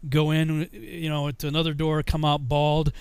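A man's voice: fairly high pitch, flat delivery, normal speed, creaky, clear, resonant tone, no room sound. A man telling a funny army story casually, laughing often and saying you know a lot.

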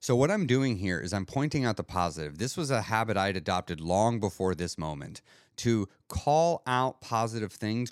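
A man's voice: on the low side, no room sound, clean studio sound. A man hosting a podcast, talking earnestly and motivationally in a reflective monologue. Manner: earnest, motivational, thinking aloud with restarts. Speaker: podcast host.

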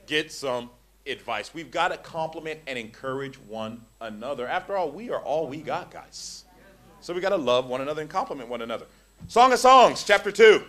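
Male preacher, animated sermon delivery with a raised pitch and restless restarts. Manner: animated, swings from hushed to loud emphasis; stammering restarts when excited. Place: church.

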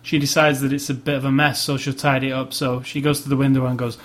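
A man co-hosting a casual movie review podcast, opinionated and halting, often repeating words as he gathers his thoughts. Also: medium pitch, flat delivery. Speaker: podcast co-host.

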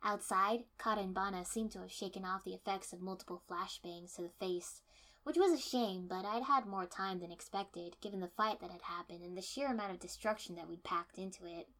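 A woman reading a first-person fiction story aloud in steady storytelling, dipping to soft menace. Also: medium pitch, fairly quick. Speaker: narrator.

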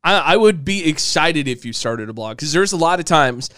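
A young man trades teasing jokes with his partner in a casual podcast chat. His voice is smooth and clear, pitched a little high, and the sound is dry and close. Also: lively intonation, moderate pace, sharp tone, no room sound. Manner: teasing, playful, jokey. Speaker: podcast co-host.

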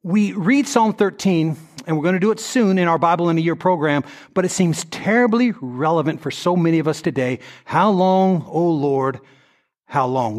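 High-voiced man preaching a sermon. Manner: dramatic, voicing the prayers of troubled people. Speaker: pastor. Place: church sanctuary with congregation.

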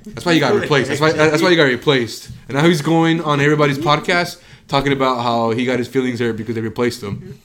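A man co-hosting a comedy podcast in casual chat, animated and often restarting his sentences. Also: medium pitch, quick pace. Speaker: podcast co-host.

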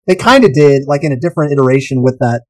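A man co-hosting a casual podcast over whiskey, joking and swearing freely in animated chat. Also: mid-range voice, very fast, no echo, rough recording. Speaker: podcast co-host.

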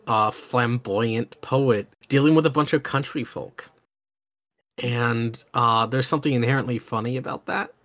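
Man, mid pitch, eager, rambling podcast host. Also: fairly bright tone. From Oklahoma, USA. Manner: enthusiastic, rambling, many fillers and restarts. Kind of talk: casual chat.

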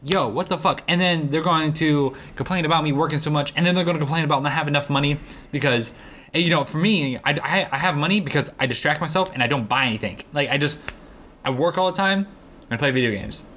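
A man's voice: on the high side, fast, fairly bright tone, a little hiss or hum. A man in his twenties in casual chat, blunt and swearing heavily as he rants. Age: 20s.

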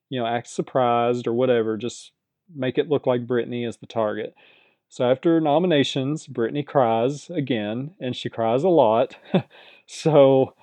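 A man's voice: mid-range voice, warm tone, no echo. A man recapping a reality competition show in a casual, chatty way, often hedging and repeating himself.

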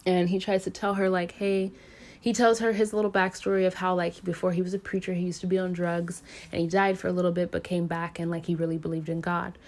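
A woman's voice: fairly low pitch, level tone, a little fast, darkish tone. A woman casually retelling a movie's plot in a rambling way, full of "like" and "um", and swearing now and then. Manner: rambling, filler-heavy, lots of "like" and "um"; casually profane. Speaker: movie recap reviewer.

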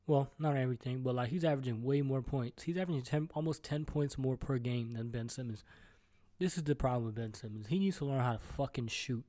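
Man, podcast host, solo rant, mellow voice, profane, stuttering, rambling, recording at home. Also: medium pitch, quick pace. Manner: rambling, profane, jumps between topics; stutters and restarts.

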